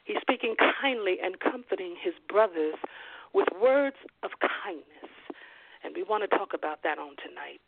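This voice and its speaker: A preacher delivering a sermon, slowly repeating key phrases for emphasis and dropping in frequent "glory to God" and "amen" interjections. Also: mid-range voice, creaky, background noise. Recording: dry, tinny phone-like sound.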